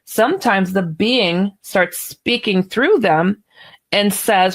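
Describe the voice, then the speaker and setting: A woman guest author telling a story on a radio interview, animated and chatty, laughing now and then. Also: mid-range voice, slow pace.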